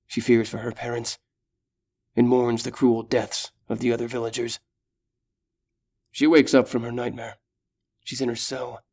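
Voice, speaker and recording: Brief: male audiobook narrator, steady and dramatic, mid pitch. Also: a little slow, long pauses.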